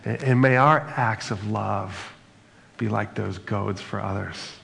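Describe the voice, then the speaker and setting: A male pastor with a lowish, gravelly, fairly bright voice takes his time delivering an earnest, reflective sermon in a church sanctuary, adding brief humor before ending in prayer. The recording carries church hall reverb and faint noise.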